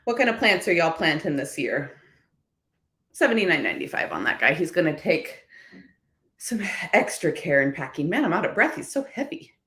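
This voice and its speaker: A woman's voice: deep voice, very animated, normal speed, pauses often, a bit bright, reverberant. A woman chatting casually and upbeat to viewers about her thrift finds. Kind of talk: casual haul vlog.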